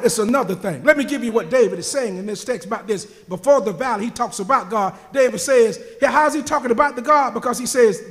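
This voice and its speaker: A pastor delivers a fervent sermon in a very high voice, circling back to the same phrases and building to shouts. His words ring out in a church sanctuary with a long, trailing reverb. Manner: fervent preaching, rising to shouts, repeats phrases.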